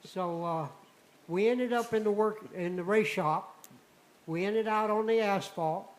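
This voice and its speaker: An older man, a returning radio guest, telling a personal story in a folksy, animated way and acting out the dialogue. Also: sits high, a little slow, low-quality recording.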